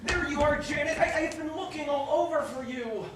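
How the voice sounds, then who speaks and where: A woman's voice: high voice, moderate pace, noisy background, natural voice. A woman playing an earnest, lovestruck young bridegroom, pleading and flustered. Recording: echoey distant stage recording.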